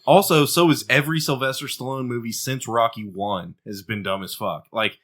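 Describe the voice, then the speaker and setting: Male podcast host, bright and forceful, laughing, profane banter. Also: mid-range voice, moderate pace.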